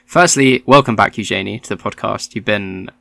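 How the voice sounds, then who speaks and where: A man's voice: lowish voice, normal speed, creaky, fairly bright tone, dry recording. A man hosting a political podcast, chatty and lightly ironic. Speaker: podcast host. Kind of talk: casual political chat.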